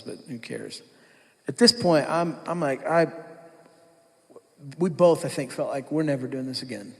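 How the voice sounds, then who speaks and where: A man giving his testimony at church, telling his story candidly and acting out his past self. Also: medium pitch. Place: church hall. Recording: long hall reverb.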